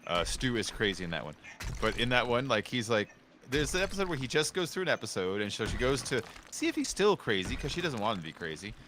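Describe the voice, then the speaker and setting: A young man talks casually while streaming a game, telling stories in a jokey, animated way. His pitch jumps around a lot. Faint noise sits under his voice. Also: fast talker. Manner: animated, jokey storytelling with acted quotes. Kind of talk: casual gaming stream chat.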